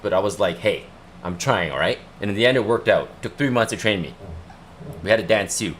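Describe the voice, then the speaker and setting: Excited guy rambling on a livestream, kinda low voice, repeats stuff. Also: fast talker, a little hiss or hum. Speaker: livestream host. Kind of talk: casual chat.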